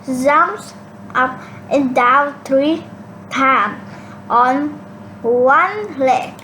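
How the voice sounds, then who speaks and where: Woman learner, high voice, slow careful repeats over steady background noise. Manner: slow, halting, repeats phrases with slips. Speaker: English learner. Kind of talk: shadowing practice, repeating cartoon lines. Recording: noisy home recording.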